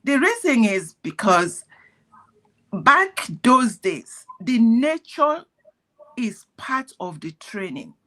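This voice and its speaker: Woman, earnest activist lecturing in parables, slow delivery, a bit high-pitched. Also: very animated, bright, forceful tone. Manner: earnest, preachy, speaks in parables. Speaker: activist speaking on a call. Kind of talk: impassioned commentary.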